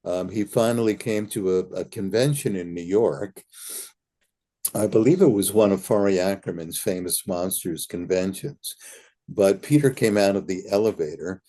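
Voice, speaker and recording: An older man appearing as an interview guest reminisces through anecdotes, earnestly acting out conversations he remembers. He speaks at normal speed with a low-pitched, dark-toned voice.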